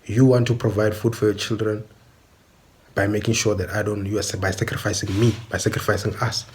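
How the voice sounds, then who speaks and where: A man's voice: on the low side, level tone, a little fast. A man giving an insistent opinionated monologue, often checking that the listener understands. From South Africa. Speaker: commentator.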